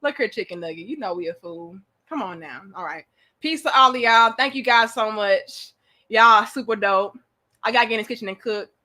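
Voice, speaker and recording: A woman's voice: a little high, brisk, sharp tone. A young woman hosting a casual live-stream chat, playful and teasing, laughing often. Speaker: host.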